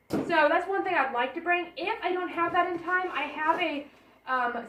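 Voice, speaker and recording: A young woman, chatting and rambling as she unpacks baby gear in her apartment bedroom for a home vlog. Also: high voice. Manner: chatty and rambling, thinks aloud while unpacking. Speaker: vlogger. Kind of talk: casual vlog chat. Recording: roomy sound, camera a bit far off. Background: portable air conditioner hum.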